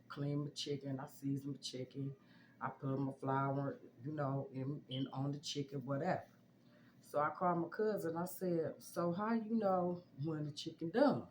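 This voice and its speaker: Young woman, low voice, animated storyteller. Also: slight background noise. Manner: animated, leaps high when quoting herself. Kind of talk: casual storytime.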